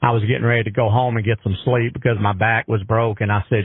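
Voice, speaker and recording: A man's voice: lowish voice, level tone, fast talker, few pauses, husky, no echo. A man speaking earnestly and emphatically in a heartfelt radio conversation, with a folksy way of talking. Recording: dry tinny phone-line radio.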